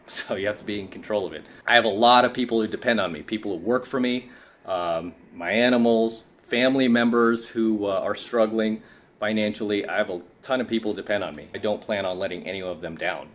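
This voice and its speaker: A man's voice: fairly low pitch, a bit bright. A tired man giving an assertive, preachy coaching monologue to camera, often asking "right?". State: tired from lack of sleep. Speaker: self-help coach.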